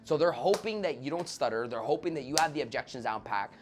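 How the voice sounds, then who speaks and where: A man's voice: mid-range voice, animated, fast talker. A man talking as a guest sales trainer in an interview, brash and profane, acting out sales calls as he explains. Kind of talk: animated podcast interview.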